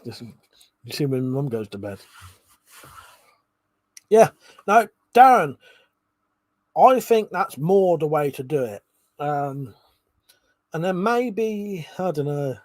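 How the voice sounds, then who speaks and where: A man's voice: mid-range voice, dry recording. A man hosting a casual livestream, reading viewers' comments aloud, chuckling and swearing freely. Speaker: livestream host reading chat. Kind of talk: casual chat.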